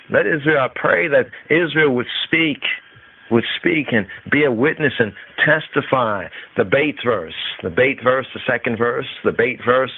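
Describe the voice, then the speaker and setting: A man teaching scripture on a podcast, slowly repeating and chanting Hebrew words. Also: medium pitch. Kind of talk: slow devotional scripture teaching. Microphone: phone line. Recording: tinny phone-line call-in radio.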